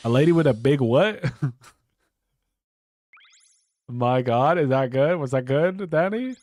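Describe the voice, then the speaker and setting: Slow-talking young man streamer, stuffy nose. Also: medium pitch, a little mellow, no room sound. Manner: rambling, swears a lot, restarts sentences. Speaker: game streamer. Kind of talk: casual live-stream chat.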